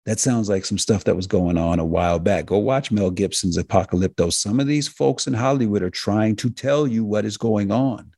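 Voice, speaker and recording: A man with a very low, husky, fry-laden voice hosts a health talk radio show. He speaks in an emphatic, preacher-like cadence, repeating phrases for effect. His voice is recorded dry and close. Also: normal speed, hardly any pauses, darkish tone, dry recording. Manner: addresses listeners directly as folks and healers.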